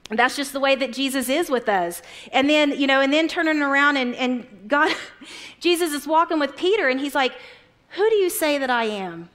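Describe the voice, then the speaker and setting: Lady preacher telling bible stories casual style, kinda high voice, acts out the characters. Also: a bit bright. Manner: chatty, retells Bible stories with quoted voices. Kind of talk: conversational sermon.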